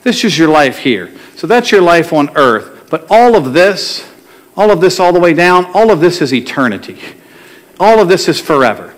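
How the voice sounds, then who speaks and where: Male pastor, fairly high voice, chatty sermon delivery with questions to the congregation. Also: big pitch swings, normal speed. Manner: conversational, asks the congregation questions and tells jokes. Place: church sanctuary before a congregation.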